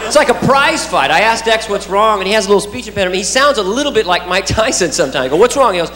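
A man's voice: high voice, expressive, racing. A man doing a stand-up routine, playful and chatting with the audience. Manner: playful, talks to the crowd, does silly kid voices. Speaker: stand-up comedian. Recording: roomy live recording with a loud crowd.

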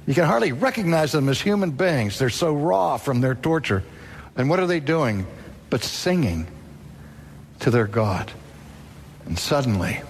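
A man's voice: on the high side, animated, normal speed, a little hiss or hum. A man preaching a sermon, telling a story dramatically and acting out the voices in it.

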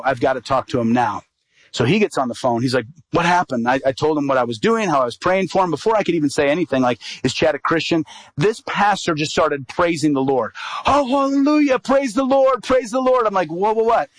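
A man's voice: medium pitch, quick pace, no echo, poor audio. A middle-aged man, an evangelist, telling a personal story in a sermon and acting out the quoted dialogue.

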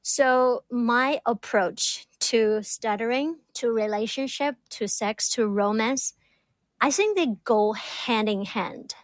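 A woman's voice: fairly high pitch, takes it slowly, dry recording. A woman guest who stutters, repeating words as she gives reflective interview answers. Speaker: guest, doctoral student.

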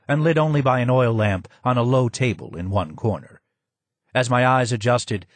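A man reading a first-person memoir-style audiobook in a measured, descriptive way. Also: medium pitch, no echo. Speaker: audiobook narrator.

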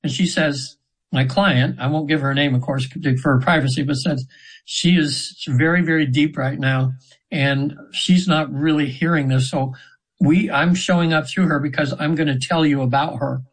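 A man's voice: a little high, fairly even intonation, normal speed, breathy edge, poor audio. A man in his seventies, an interview guest, telling his session stories in an earnest, meandering way with many restarts. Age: 70s. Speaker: hypnotherapy practitioner, guest. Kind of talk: casual storytelling interview.

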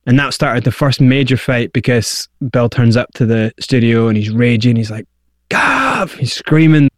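Animated man telling his story. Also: medium pitch, normal speed, no room sound, studio quality. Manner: animated, acts out quoted voices. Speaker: interview guest. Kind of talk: candid storytelling.

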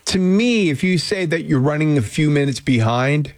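A man's voice: on the high side, lively intonation, normal speed, dry recording. Man radio host, chatty and rambling, dry close studio sound. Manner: chatty, rambling, jokey asides. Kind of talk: casual morning radio chat. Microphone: close studio mic.

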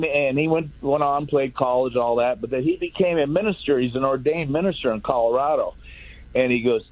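A man's voice: mid-range voice, slightly rough, no room sound. Rambling man on a tinny phone line. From Southern California. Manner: rambling, halting with many fillers and restarts. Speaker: caller. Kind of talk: rambling call-in story.

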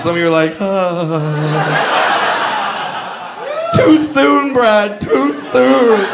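A high-pitched man working a comedy stage, ranting with animated swings and frequently breaking into shouts. The live recording carries clear background noise throughout. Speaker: stand-up comedian. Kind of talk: stand-up comedy routine.

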